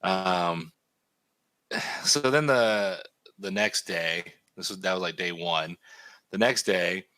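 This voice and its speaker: Male stream host, lowish voice, dry close mic, casual swearing storyteller. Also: takes it slowly, long pauses, no echo. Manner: animated, swears a lot.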